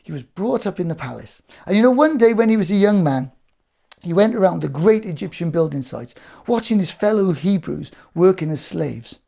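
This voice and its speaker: A man presenting a Bible story to children, patient and gently scolding his puppet partner. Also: high voice, expressive, moderate pace, vocal fry.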